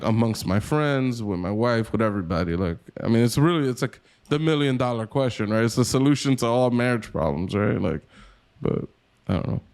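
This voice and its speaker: A man's voice: fairly low pitch, a little mellow. A man in his thirties co-hosting a podcast, chatting casually, rambling and self-deprecating, swearing freely. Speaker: podcast co-host.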